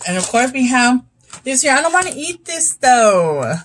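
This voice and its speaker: A woman's voice: high voice, sing-song, normal speed, fairly bright tone, poor audio. A young woman chatting casually as she tastes and rates snacks, sometimes talking with her mouth full. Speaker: YouTube host. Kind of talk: casual snack review vlog.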